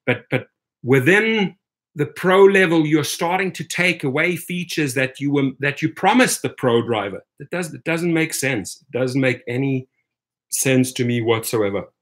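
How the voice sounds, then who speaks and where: A man's voice: mid-range voice, lively intonation, moderate pace, a bit bright. A man from Washington, D.C. hosting a live stream, speaking emphatically, tagging "right?" onto his points and calling viewers "my friends". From Washington, D.C., USA. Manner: emphatic, keeps adding "right?". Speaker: rideshare channel host. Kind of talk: live stream commentary, reading chat.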